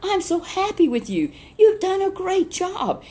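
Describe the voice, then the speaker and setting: A woman's voice: medium pitch, animated, normal speed, a little mellow, natural voice. A woman voicing a middle-aged male master who gives praise freely but turns cold and stern with the lazy one. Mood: delighted.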